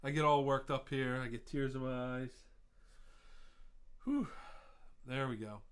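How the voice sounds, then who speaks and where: A man's voice: mid-range voice, steady tone, a little slow, smooth. A man hosting a live online trivia quiz, chatty and laughing at his own jokes, drifting into rambling rants between answers.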